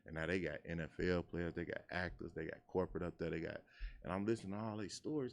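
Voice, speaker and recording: A man from Chicago in his thirties, telling stories in casual chat and acting out quotes in a high voice. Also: quick pace, gravelly. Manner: animated storyteller, acts out quotes in a high voice. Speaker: guest.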